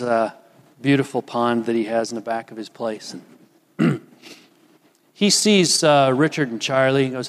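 An older man preaching a sermon as pastor, slow and deliberate with emphatic pauses. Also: mid-range voice. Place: church sanctuary. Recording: long reverb of a church hall.

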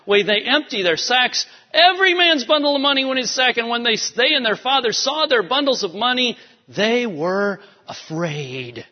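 A male pastor giving an animated sermon, swinging between soft, quiet lines and emphatic rises. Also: very high voice, moderate pace. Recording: dull sound with long hall reverb.

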